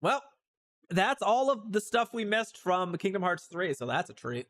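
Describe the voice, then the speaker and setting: A male streamer giving chatty, animated commentary on a game, with sudden outbursts. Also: high voice, moderate pace, faint music behind. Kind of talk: casual let's-play commentary.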